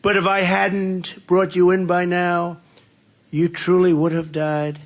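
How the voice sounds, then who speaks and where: A man reading out the lines of a kind, tender woman from a recited poem, his voice gravelly and pitched up. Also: monotone, slow. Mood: pleading. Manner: recited, raised emphatic delivery.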